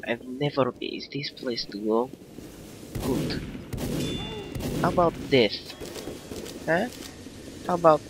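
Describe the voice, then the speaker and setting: A gamer does let's play commentary in a fake Russian accent, bragging and giggling through broken English. His mid-range voice moves slowly with frequent pauses over music, while shooter game sounds and loud gunfire sit behind him.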